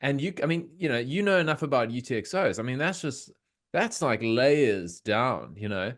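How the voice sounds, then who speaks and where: A man's voice: mid-range voice, normal speed. Male podcast host, enthusiastic and casual over a call. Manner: animated, enthusiastic, swearing. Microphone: video call.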